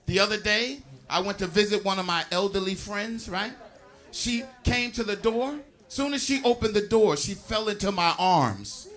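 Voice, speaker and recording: A man performing a stand-up comedy set, working the crowd in an animated, chatty way. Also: high-pitched, moderate pace. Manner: animated, crowd-working, frequent "you know what I'm saying". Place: live comedy venue with audience. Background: audience laughter.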